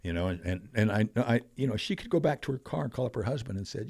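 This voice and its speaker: An older man telling stories as a podcast guest, animated, acting out quoted voices. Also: lowish voice, fast talker, creaky, no room sound, studio quality. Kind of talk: storytelling in a conversational interview.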